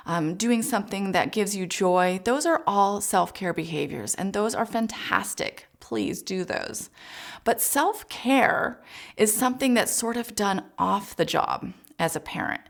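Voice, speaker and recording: Gravelly-voiced woman teaching parents gently. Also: mid-range voice. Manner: gentle, encouraging, speaks directly to parents. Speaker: child psychologist. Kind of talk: instructional parenting talk.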